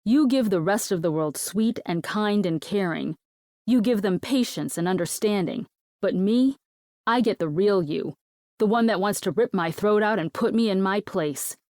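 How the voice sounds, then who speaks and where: A woman's voice: mid-range voice, normal speed, a little mellow, no room sound, clean studio sound, natural voice. A woman reading the lines of a cocky, protective young man in an audiobook romance, blunt and teasing, swearing freely.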